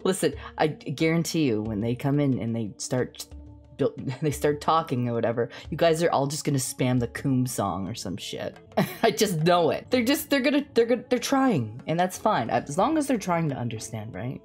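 A young woman streamer telling a family story in casual chat, laughing often and talking in a bubbly, animated way. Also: low-pitched, normal speed, faint music behind.

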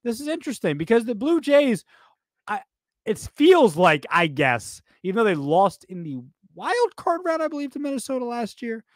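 A man co-hosting a baseball podcast in a casual, animated chat, rambling and often repeating himself. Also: very high voice, normal speed, no echo, clean studio sound. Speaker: podcast co-host.

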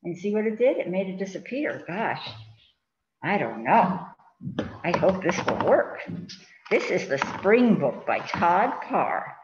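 A children's librarian reads picture books aloud to kids, chatting and fussing with the pages on camera. Her fairly low voice is sing-song and a little slow, with long pauses. The recording is roomy, dull lo-fi with faint hiss.

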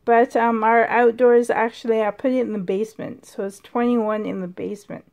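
A woman vlogging casually from a dim room at home, chatty and excitable, sometimes dropping to a whisper, filmed on a handheld camera. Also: a little high, a little fast, gravelly. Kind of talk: casual vlog chat.

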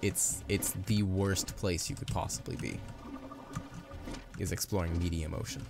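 Young male let's-play host, chatty and upbeat, low voice, game music underneath. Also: fairly even intonation, a little slow, gravelly. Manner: chatty, upbeat, playful asides. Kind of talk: casual gameplay commentary.

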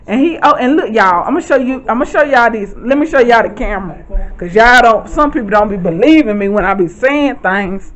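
A woman, chatting excitedly to viewers at home as she shows off her shopping haul. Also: a little high, brisk, muffled recording. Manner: chatty, excitable, keeps addressing viewers as y'all. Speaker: vlogger. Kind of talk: casual haul vlog.

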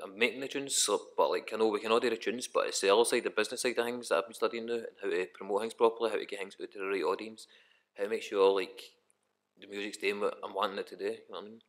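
A man's voice: lowish voice, fairly even intonation, fast, fairly bright tone. A young Scottish man, a rapper guest on a podcast, talking in a rambling, casual way and swearing often. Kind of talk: casual chat.

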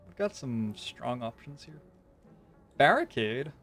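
A man streaming a card game, relaxed, thinking aloud and explaining his choices at length. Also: mid-range voice, takes it slowly. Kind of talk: casual live-stream gameplay commentary.

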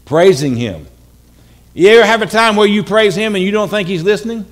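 A man preaching a church sermon, animated and dramatic, breaking into shouted calls and humorous asides. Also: high-pitched, a little fast. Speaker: pastor. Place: church sanctuary.

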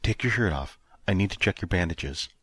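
A man voicing a caring young woman on a spaceship crew, speaking gently but firmly in an audiobook. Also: low-pitched, lively intonation, fairly quick, slightly rough, no echo, clean studio sound, heavily acted. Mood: coaxing. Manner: gentle but firm, softly spoken. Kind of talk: audiobook character reading.

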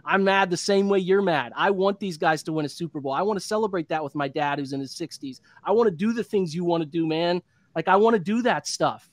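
A man's voice: sits high, fairly quick, no echo. Fired-up man in his thirties, ranting. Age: 30s. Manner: heated, frustrated, rambling with restarts. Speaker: sports podcast analyst. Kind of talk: impassioned podcast rant.

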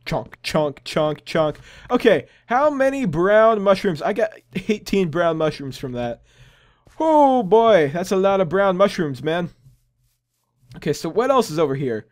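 A man's voice: sits high, big pitch swings, a little slow. A young man hosting a gaming channel, chatting casually and rambling with upbeat, self-amused asides while he plays. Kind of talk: casual gameplay commentary.

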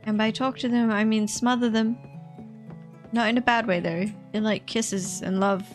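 With soft music in the background, a woman explores a game in casual let's-play commentary, chatty and hesitant with plenty of fillers. Her voice runs on the high side with fairly even intonation at a moderate pace, and she squeals with delight at cute animals.

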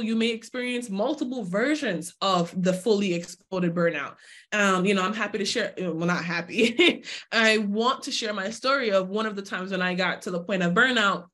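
A woman's voice: medium pitch, fairly bright tone. A woman in her twenties speaking at an online workshop, talking straight to viewers and acting out her own inner voice in quoted asides. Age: 20s. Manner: addresses viewers directly, asks for chat replies. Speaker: summit speaker. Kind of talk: live online workshop talk.

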